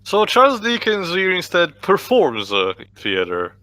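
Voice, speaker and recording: A man's voice: sits high, wildly swooping pitch, unhurried, sharp tone, no echo. A man co-hosting a casual watch-along commentary, wry and playful, laughing often. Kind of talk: casual chat.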